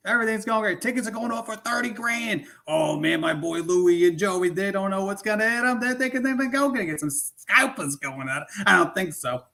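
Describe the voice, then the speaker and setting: A man's voice: high voice, expressive, fairly quick, hardly any pauses, bright, forceful tone, exaggerated voice. A man putting on a swaggering sports-fan bro. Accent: put-on East Coast accent. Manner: swaggering, addresses everyone as buddy and friend. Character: brash loud male sports fan, boastful. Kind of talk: comedic improv character.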